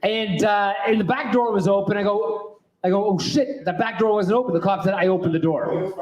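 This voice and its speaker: A man's voice: high-pitched, brisk, highs cut off. A man doing a rambling, self-deprecating stand-up set on a club stage. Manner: rambling, self-deprecating storytelling with lots of ums. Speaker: stand-up comedian. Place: comedy club stage with audience. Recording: roomy club sound.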